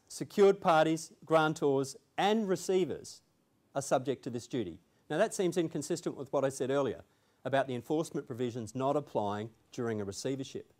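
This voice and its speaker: A man's voice: mid-range voice, a little mellow. A man presenting a legal seminar to an audience in a room, talking conversationally with emphatic asides.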